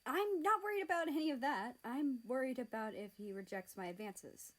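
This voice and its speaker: A woman's voice: sits high, lively intonation, normal speed, pitched above the performer's own voice, poor audio. Cocky teasing teen boy, class president type, woman reading him.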